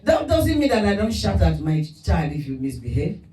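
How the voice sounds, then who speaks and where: Animated woman pastor preaching in echoey hall. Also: fairly low pitch, moderate pace. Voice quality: lively preaching, laughs often, lapses into mock tongues. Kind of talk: sermon. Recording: echoey room, voice from a distance.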